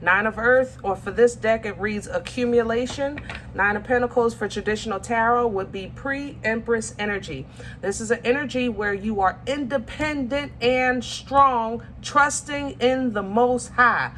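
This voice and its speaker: With a slightly high, fairly bright voice and an unhurried pace, a woman reads tarot casually for her viewers over a little hiss or hum. She's chatty and affectionate, calls them y'all and baby, and often searches for words with many ums and restarts.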